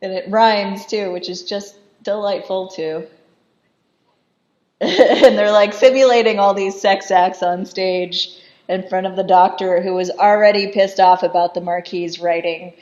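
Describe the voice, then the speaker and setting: A woman's voice: medium pitch, fairly even intonation, darkish tone, lo-fi sound. A woman giving casual, chatty film commentary, often laughing and briefly acting out the characters' lines. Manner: chatty, giggly, acts out quotes in quick voices.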